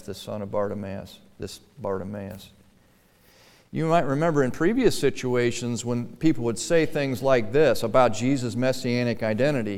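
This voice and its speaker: A man's voice: medium pitch, darkish tone. A man preaching a sermon to a church congregation, earnest, his voice swelling and dropping for emphasis. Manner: earnest, rising and falling for emphasis, acted-out pleading quotes. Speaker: pastor. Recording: reverberant church hall.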